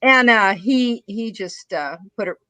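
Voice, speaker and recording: A woman in casual political chat, retelling a TV exchange in an animated way and acting out the quotes. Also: mid-range voice, a little slow, a crowd in the background. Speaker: show panelist.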